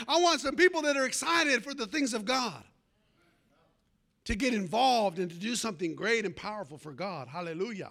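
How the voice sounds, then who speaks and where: A male preacher with a very high, bright and forceful voice. He delivers a fervent sermon, calling for amens from the congregation and telling homespun personal stories along the way. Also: lively intonation, moderate pace, creaky. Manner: fervent, calls for amens, folksy storytelling.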